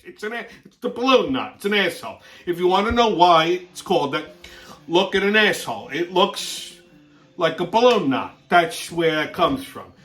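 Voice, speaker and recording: A man's voice: fairly high pitch, fairly bright tone, poor audio. A man hosting his own show, ranting in a brash, foul-mouthed, exasperated way, with a profane comedic style. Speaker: host.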